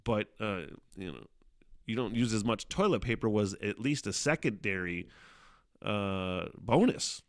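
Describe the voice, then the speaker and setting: A man's voice: lowish voice, unhurried, dry recording, studio quality. A man hosting his own podcast, chatting casually and profanely, laughing often as he tells a story. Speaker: podcast host. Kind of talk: casual solo chat.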